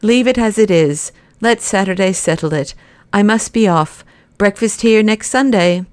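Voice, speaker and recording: A woman reading the part of a huge, commanding male anarchist president, brisk and mockingly courteous. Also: mid-range voice, no echo, close to an everyday voice. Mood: breezy.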